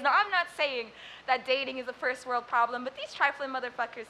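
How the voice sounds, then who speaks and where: A young woman poet from Sudan, Arabic her first language, performing spoken word. Her voice is high and bright, with a faint hiss behind it. She chats loosely, then recites with rhythmic drive. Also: a little fast, low-quality recording. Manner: chatty and self-deprecating between poems, rhythmic when reciting.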